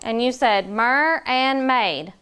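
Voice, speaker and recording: A woman teaching a classroom phonics lesson, patient and encouraging, slowing down to model words for the children. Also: fairly high pitch, a bit bright, clear, resonant tone.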